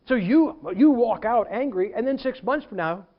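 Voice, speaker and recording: High-voiced animated preacher, lo-fi. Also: male voice, normal speed. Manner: animated storytelling preacher, acts out quotes. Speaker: pastor. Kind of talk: sermon.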